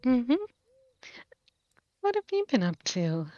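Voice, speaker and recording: A woman playing a tabletop game, soft-spoken and hesitant, sometimes slipping into a whisper. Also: on the high side, huge pitch swings, takes it slowly, no echo, muffled recording. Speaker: player. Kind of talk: casual tabletop role-play.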